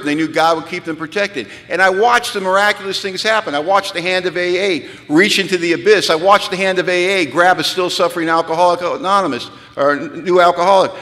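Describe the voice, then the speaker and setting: A man in his fifties telling his recovery story as a retreat speaker, with animated, self-deprecating humor and a habit of saying "man.". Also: high voice. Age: 50s. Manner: peppers speech with "man". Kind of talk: storytelling talk. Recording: echoey hall with long reverb.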